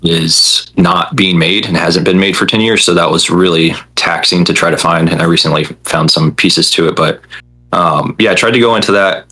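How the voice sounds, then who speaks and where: Young man, podcast guest, casual chat, rambling and hesitant, deep husky voice. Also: moderate pace, bright, forceful tone, poor audio. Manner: rambling, hesitant, many fillers.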